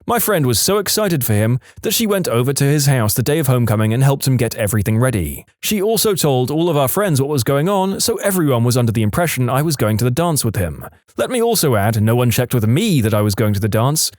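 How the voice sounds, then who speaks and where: Animated male storyteller, dry sound. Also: mid-range voice, no room sound. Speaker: story narrator. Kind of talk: reading online stories aloud.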